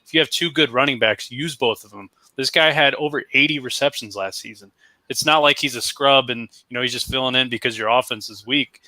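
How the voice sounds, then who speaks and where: A man co-hosting a casual sports podcast, thinking out loud and correcting himself as he talks through his draft picks. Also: medium pitch, brisk, no room sound. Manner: conversational, thinks aloud, self-correcting. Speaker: podcast co-host.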